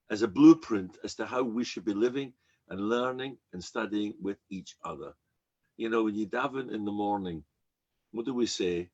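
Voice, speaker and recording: An older man, a rabbi, giving an emphatic, animated sermon with frequent repetitions. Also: medium pitch, husky.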